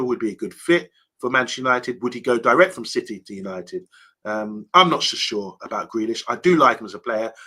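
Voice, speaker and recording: A man with a lowish, bright, forceful voice and a husky edge hosts a casual live stream. He rambles through viewer comments, filling gaps with ums and restarting his sentences as he chats along. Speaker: host of a fan live stream.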